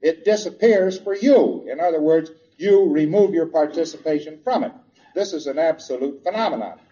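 Man lecturing in a mellow voice. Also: on the high side, normal speed. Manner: chatty, humorous storytelling. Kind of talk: lecture with anecdotes. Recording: dull lo-fi recording.

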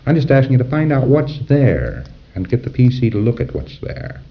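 A man's voice: mid-range voice, very animated, moderate pace, lo-fi sound. A man giving an informal lecture to trainees, talking conversationally and acting out little dialogues. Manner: conversational, acts out dialogues and chuckles at his own examples.

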